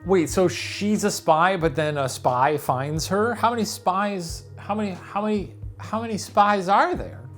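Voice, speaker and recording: A man's voice: high voice, unhurried, few pauses, fairly bright tone, soft background music. A young man co-hosting a casual chat, dry and teasing, reading out listener comments. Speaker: co-host. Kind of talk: casual banter.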